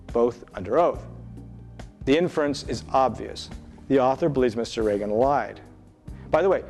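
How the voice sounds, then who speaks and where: A man teaching as a test-prep tutor, explaining in a measured, scripted way and reading out answer choices. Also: medium pitch, darkish tone. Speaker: SAT tutor.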